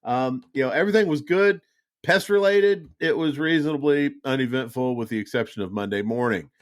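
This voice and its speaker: A man's voice: medium pitch, brisk. A middle-aged man hosts a casual podcast chat. He rambles through stories, swears often and restarts his sentences as he goes. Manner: profane, rambling storyteller with frequent restarts. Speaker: podcast host.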